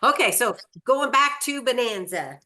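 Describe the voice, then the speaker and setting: A woman's voice: on the high side, lively intonation, unhurried, pushed and bright. A woman hosting a casual interview, eagerly prompting her guest. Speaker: host.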